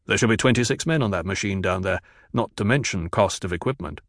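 A calm noble duke speaking in a measured way, as a man puts him on in an audio drama. The recording is dry and close. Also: on the low side, no echo, close to an everyday voice.

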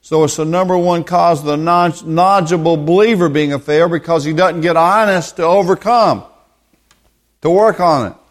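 A man's voice: a little high, normal speed. Man teaching the Bible, emphatic repetition. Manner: emphatic, repeats words for stress.

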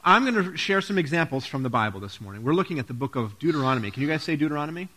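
A man's voice: a little high, sing-song, racing, pushed and bright. A man giving a playful children's sermon, asking the kids questions and joking with them. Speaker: pastor.

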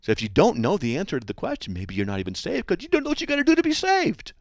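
A man's voice: high voice, huge pitch swings, very fast, no room sound. A man hosting a call-in radio debate, pressing a caller with repeated questions and cutting in again and again. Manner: insistent, interrupts by repeating the caller's name. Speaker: radio show host.

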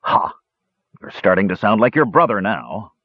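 A man voicing a grumpy, skeptical old male dwarf who speaks in a gruff, scoffing way. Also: lowish voice, sing-song, moderate pace, no echo. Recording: dull lo-fi recording.

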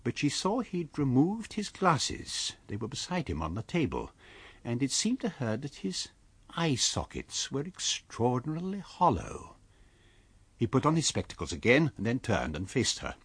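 A man narrating a classic novel as an audiobook, in a measured, expressive storytelling manner. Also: medium pitch, husky, no echo.

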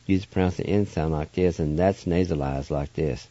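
A man's voice: deep voice, a little fast, hardly any pauses, mellow, no echo. An older man hosting a radio language lesson, patiently spelling and repeating each word syllable by syllable. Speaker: radio host teaching language. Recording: muffled dry radio recording.

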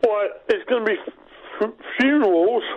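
Radio sidekick, man, Birmingham accent, earnest, higher pitch, dull recording. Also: moderate pace. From Birmingham, England. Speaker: radio co-host. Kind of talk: casual radio chat.

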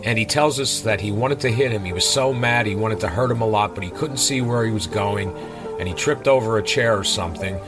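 A man's voice: lowish voice, fairly quick, over music, low-quality recording. A man casually retelling a sad comic story panel by panel, in an informal way with many fillers.

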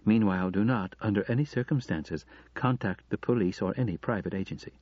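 Man reading quiet phone kidnapper, low husky menace, dry lo-fi audiobook. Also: dry recording, lightly acted. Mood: menacing. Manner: quiet, measured, threatening. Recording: dull lo-fi audiobook recording.

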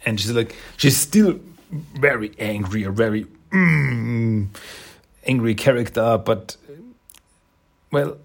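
A man talks through a comic with plenty of enthusiasm, stopping often on fillers. His voice sits at an ordinary pitch, with a gravelly, creaky edge and a husky, breathy grain. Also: lively intonation, takes it slowly, pauses often. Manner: enthusiastic, hesitant with many fillers. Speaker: comic reviewer. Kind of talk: casual comic read-through.

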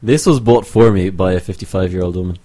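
A man's voice: low-pitched, dark tone. A young man co-hosting a student radio show, rambling through stories and jokes in casual banter. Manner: rambling storyteller, quick to joke.

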